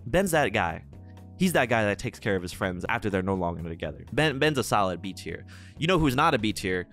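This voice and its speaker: A man's voice: fairly low pitch, very animated, fairly quick, fairly bright tone, faint music behind. A man talking casually as he ranks game characters, playful and rambling, with theatrical asides. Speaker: gaming YouTuber. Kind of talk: casual tier-list commentary.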